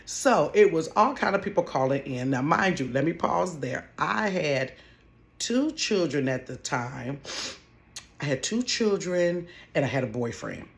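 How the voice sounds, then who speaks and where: A woman telling a casual storytime about her old job at home, chatty and animated, calling listeners honey. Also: low-pitched, a little slow, creaky. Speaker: vlogger telling a work story.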